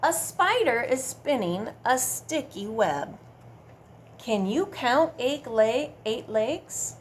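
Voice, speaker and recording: A woman's voice: a little high, animated, slow pace, slight background noise. A woman librarian with a Midwestern American accent reading a picture book aloud at a children's storytime, coaxing the kids to count and join in. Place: public library.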